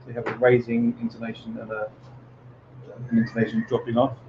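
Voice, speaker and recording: A man's voice: medium pitch, monotone, fairly quick, highs cut off, noisy background. Thoughtful man explaining, lots of fillers. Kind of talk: explaining to a group.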